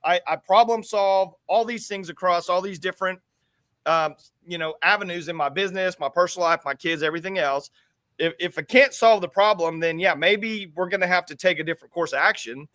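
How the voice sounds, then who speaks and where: A man's voice: sits high, brisk, a bit bright, no room sound. A man from the US co-hosting a casual talk show, rambling and repeating words as he thinks aloud. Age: adult with school-age kids. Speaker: show co-host.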